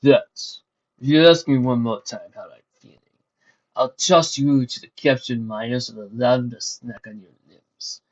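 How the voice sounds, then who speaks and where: A man voicing a menacing, mocking male pony warlord, louder and higher than his narration, with a husky tone on a dull lo-fi recording. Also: lively intonation, normal speed. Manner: mocking, coy sneer.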